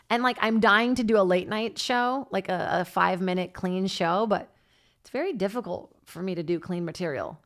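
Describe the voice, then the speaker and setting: A woman's voice: medium pitch, animated, normal speed. A woman comedian hosting her own podcast, chatting in a rambling, playful and profane way. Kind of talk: solo comedic podcast chat.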